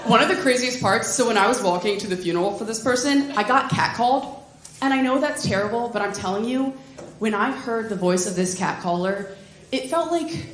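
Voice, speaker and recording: A woman comedian performing a stand-up set on a club stage, with deadpan delivery and quick asides. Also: a little high, a little hiss or hum. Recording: roomy club sound with loud laughter. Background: audience laughter.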